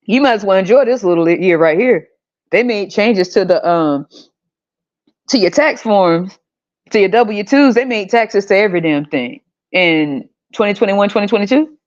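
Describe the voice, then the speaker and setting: A woman's voice: medium pitch, expressive, moderate pace, lo-fi sound. A woman hosting a podcast, ranting casually in a blunt, exasperated way and swearing freely. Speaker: podcast host.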